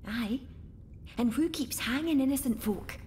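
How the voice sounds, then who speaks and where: A woman's voice: sits high, measured pace, darkish tone, slight background noise. A woman voicing a blunt, wary female adventurer companion in a fantasy game. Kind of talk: game dialogue.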